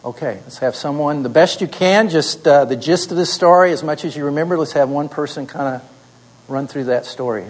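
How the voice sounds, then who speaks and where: Over poor audio from a wired mic, a man with a fairly high voice speaks briskly as he teaches oral Bible storytelling to a seminary class. He explains how to tell a story aloud, then tells one himself.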